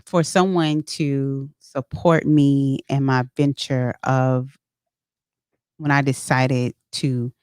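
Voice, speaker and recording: A woman's voice: very deep voice, fairly even intonation, takes it slowly, darkish tone, clear, resonant tone, no room sound. A woman author being interviewed in a studio, speaking earnestly and pouring out heartfelt thanks, with frequent restarts. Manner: earnest and effusively grateful, with many restarts. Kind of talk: casual interview chat.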